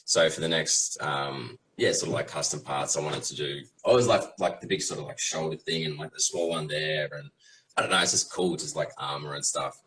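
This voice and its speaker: A man with an extremely low, rumbling voice talks through his process as a guest on a live Q&A. He rambles loosely and hesitantly, piling up fillers as he goes. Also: a little fast, a bit bright, slight background noise, low-quality recording. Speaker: guest resin toy maker. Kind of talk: casual live Q&A chat.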